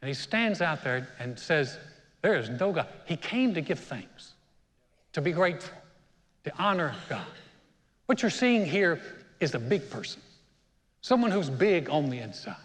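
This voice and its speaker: Pastor with a higher voice in a reverberant church hall. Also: male voice, big pitch swings, measured pace, pauses often, fairly bright tone. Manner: conversational storytelling, acts out quotes. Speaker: senior pastor. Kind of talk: sermon. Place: church auditorium.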